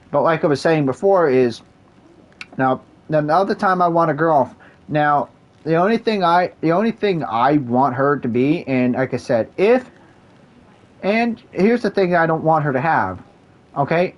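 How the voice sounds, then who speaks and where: Dude rambling on while gaming, mellow voice, keeps restarting sentences. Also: male voice, a little high, sing-song, normal speed, low-quality recording. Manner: rambling, repetitive, many restarts. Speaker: gaming vlogger. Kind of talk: casual rant while gaming.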